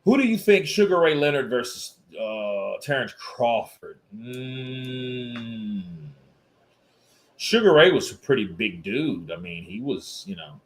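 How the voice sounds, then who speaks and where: A man's voice: medium pitch, animated, takes it slowly. A man hosting a casual boxing livestream, loose and joking, who laughs often and swears freely. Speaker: live stream host.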